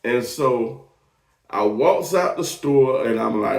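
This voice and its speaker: A man's voice: mid-range voice, expressive, creaky. A man, hosting and telling a personal testimony in an emotional, repetitive way. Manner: emotional, drawn-out storytelling with repeated phrases. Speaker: host. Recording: echoey room, voice from a distance off the mic.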